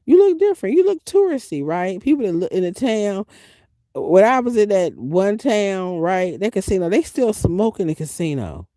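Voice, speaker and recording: A woman from the US Midwest, a van-life vlogger chatting casually with viewers and telling her travel stories with animated, emphatic delivery. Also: normal speed, dry recording. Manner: animated, emphatic storytelling with big pitch swings. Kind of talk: casual livestream chat.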